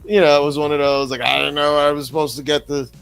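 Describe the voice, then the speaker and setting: A man's voice: fairly high pitch, fast, vocal fry, smooth, soft background music. A middle-aged man co-hosting a podcast, chatting casually and telling stories with plenty of profanity. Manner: animated storytelling with crude profanity. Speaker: podcast co-host. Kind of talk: casual chat.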